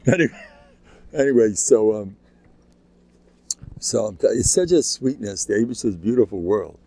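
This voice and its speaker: Gravelly older rabbi, joking and chatty. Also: male voice, medium pitch, a little mellow, no room sound. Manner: chatty, joking, chuckles between stories. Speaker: rabbi giving a class. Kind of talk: informal humorous talk.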